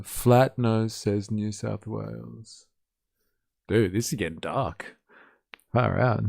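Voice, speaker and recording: This Australian streamer, speaking with a Western Sydney accent, keeps his casual reaction chat teasing and sarcastic, peppered with frequent swearing. His lowish, dark voice has a touch of vocal fry. The recording is dry and studio quality.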